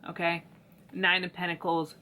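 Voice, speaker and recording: Low-voiced, bright, chatty woman tarot reader. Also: completely flat delivery, normal speed, slight background noise. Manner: chatty and slangy, talks to viewers. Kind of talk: casual tarot reading.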